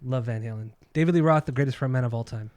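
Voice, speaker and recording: This man's voice sits at medium pitch, a little mellow, and he talks quickly. He co-hosts a casual music podcast, chatting about music and records bluntly and opinionatedly while swearing freely.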